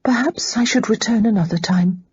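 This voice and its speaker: An anxious, well-bred young lady stammers her polite requests, as an audiobook narrator puts her on. The voice sits higher than the narration and stays very husky. It is close and dry on a dull, lo-fi recording. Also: lively intonation, moderate pace, mellow, no room sound. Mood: tactful. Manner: flustered, stammering. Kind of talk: audiobook character reading.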